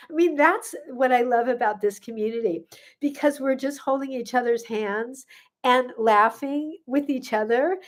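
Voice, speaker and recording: Older female health coach, fairly high voice, loose live-stream Q&A, lots of fillers and laughter. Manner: chatty, laughs often, many "um" fillers. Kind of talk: casual live-stream chat answering viewer comments.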